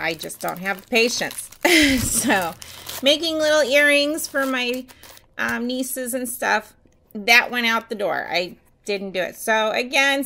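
A woman talks her way through her nail supplies in a relaxed home vlog, rambling and candid with plenty of fillers. Her voice is bright and crisp, and faint noise sits behind her. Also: a little high, poor audio. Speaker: nail artist selling supplies. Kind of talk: casual show-and-tell vlog.

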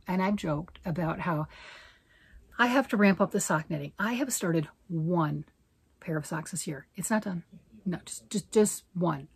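A woman's voice: lowish voice, slightly rough, no room sound. A middle-aged woman hosting a knitting and crochet vlog, rambling casually, poking fun at herself and asking rhetorical questions. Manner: rambling, self-mocking, asks rhetorical questions. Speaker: knitting and crochet channel host.

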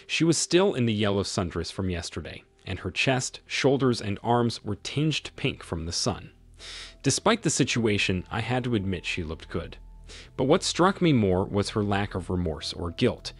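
Husky low-voiced male storyteller. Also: moderate pace. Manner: expressive storytelling. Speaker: narrator. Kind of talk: first-person story narration. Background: faint music.

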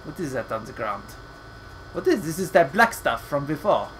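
A man hosting a let's play, joking, laughing often, swearing freely and ranting, sometimes reading game text aloud slowly and dramatically. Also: a little high, big pitch swings, fairly bright tone, faint music behind, low-quality recording. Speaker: gaming channel host.

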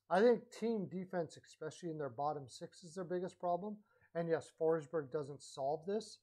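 A man talks hockey on his own in a casual, rambling monologue, voice sitting a little higher than most men's. He is blunt and opinionated and often stops to correct himself mid-sentence. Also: darkish tone. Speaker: hockey commentary vlogger.

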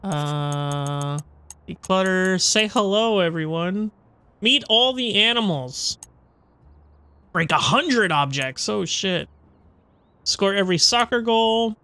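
A gamer giving casual running commentary over gameplay, chatty and swearing freely, with loud frustrated outbursts. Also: medium pitch, expressive, slow pace, long pauses, smooth, dry recording. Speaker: let's play gamer.

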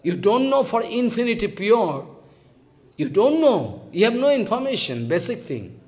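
A man's voice: sits high, sing-song, a little slow, darkish tone. A man with a Bengali accent giving a devotional sermon as a spiritual teacher, emphatic and scolding, repeating phrases and acting out quotes.

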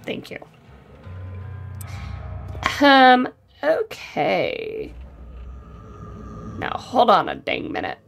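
A woman's voice: medium pitch, huge pitch swings, extremely slow, gravelly, pauses often, soft background music. A young woman giving sarcastic let's-play commentary, talking to herself as she plays and swearing freely. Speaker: gaming streamer.

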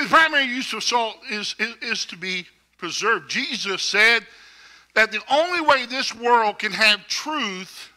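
A man's voice: high voice, bright, forceful tone. A man preaching a sermon to his congregation, folksy, with joking asides. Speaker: pastor.

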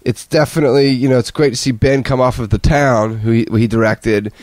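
A man's voice: mid-range voice, steady tone, a little fast, darkish tone, dry recording. A young male actor as a guest in casual chat, rambling through stories in a laid-back way and saying "man" a lot.

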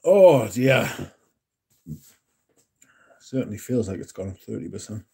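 Man, livestream host, relaxed chat, husky voice, mellow tone. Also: lowish voice, a little slow. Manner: relaxed, reads chat aloud, yawning.

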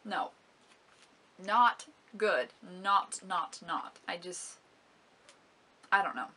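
A woman's voice: fairly low pitch, expressive, drawn-out words, bright, forceful tone. A young woman vlogger chatting casually about beauty products, giggling often and complaining dramatically. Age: young adult. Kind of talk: casual product review vlog.

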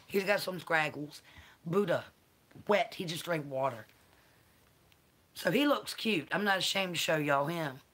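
Slow-talking Southern woman, bright voice. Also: deep voice, expressive. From American South. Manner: chatty, greets viewers by name, coos to her dogs. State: a little tired. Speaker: livestream host. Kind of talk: casual livestream chat with viewers.

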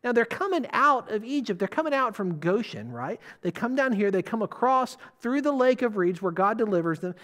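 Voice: mid-range voice, big pitch swings, fairly quick, hardly any pauses, a bit bright. A preacher giving a sermon, putting questions to the listeners and stressing key words.

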